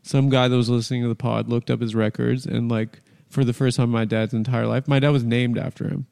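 A man's voice: medium pitch, little pitch movement, a little fast, creaky, a little mellow, clear, resonant tone, long reverb tail. A man hosting a podcast, chatting casually and telling rambling, crude, comedic stories. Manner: rambling, storytelling, crude humor. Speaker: podcast host.

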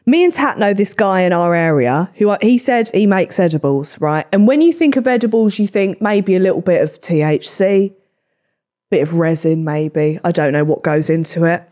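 Girl hosting a podcast, voice bouncing all over, chatty and sweary. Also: lowish voice. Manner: swearing, quick animated storytelling. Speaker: podcast host. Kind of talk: casual storytelling chat.

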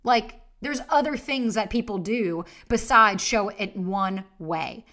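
A woman's voice: medium pitch, slow pace, pushed and bright. A young woman hosting her own podcast, giving blunt, tough-love dating advice in a casual monologue and swearing freely. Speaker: podcast host and dating coach.

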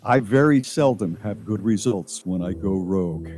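A man's voice: fairly low pitch, lively intonation, moderate pace, over music. A man hosting a radio talk show, telling a wry, self-mocking story about a home chore. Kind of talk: casual radio chat.

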